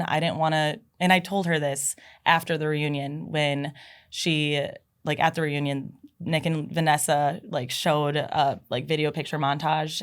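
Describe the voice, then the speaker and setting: A young woman, a podcast guest, chatting casually in a studio and leaning on "like" a lot. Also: deep voice. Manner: chatty, heavy use of "like". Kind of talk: casual chat.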